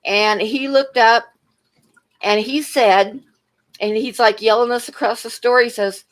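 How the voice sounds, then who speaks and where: A woman's voice: on the high side, steady tone, unhurried. Brief: woman livestreamer, casual chat, rambling anecdotes, frequent laughs, asides to chat. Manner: rambling storyteller, laughs often, talks to chat.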